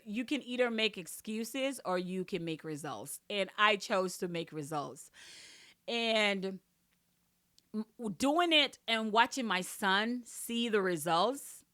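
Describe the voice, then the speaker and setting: A woman from another country hosting a podcast, speaking in an emotional, excitable way, her voice climbing high with laughter when thrilled and settling into grateful, repetitive reflection. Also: no room sound, clean studio sound. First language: another language. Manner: faith-filled, grateful, repetitive phrasing. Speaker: podcast host and author. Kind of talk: emotional personal podcast talk.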